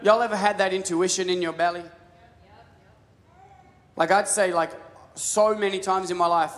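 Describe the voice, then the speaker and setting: A man's voice: high-pitched, fairly even intonation, normal speed, pauses often, fairly bright tone. A man preaching a sermon, telling stories casually with many restarts and repeated words. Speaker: pastor. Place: large church hall. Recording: live sermon with long hall reverb.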